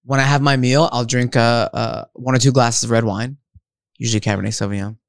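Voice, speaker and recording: A man chatting as a podcast guest, teasing and sarcastic, with deadpan roasts of the host. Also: medium pitch, a little fast, creaky, clear, resonant tone, no room sound, clean studio sound. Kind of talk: casual podcast banter.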